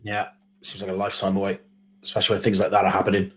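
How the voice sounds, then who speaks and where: A man's voice: sits low, monotone, rapid-fire. A man from Wales co-hosting a live football watchalong, teasing and rueful. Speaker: co-host.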